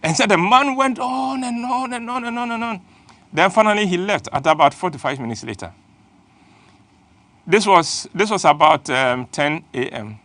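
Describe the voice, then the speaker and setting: A man's voice: high-pitched, animated, moderate pace, a bit bright, no room sound. A middle-aged man, hosting a playful, emphatic motivational talk. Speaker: host.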